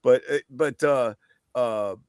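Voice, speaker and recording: A man's voice: medium pitch, takes it slowly, darkish tone, no echo, clean studio sound. A man guest on a podcast chatting casually about a record, rambling, swearing and laughing often. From East Coast of the US. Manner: rambling, profane, laughs a lot.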